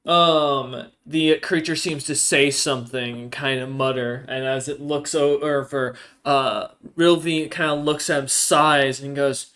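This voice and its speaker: A man's voice: medium pitch, fairly even intonation, slow pace, few pauses, fairly bright tone. A man narrating as game master of a tabletop role-playing game, descriptive and rambling. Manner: rambling, many fillers and restarts, descriptive.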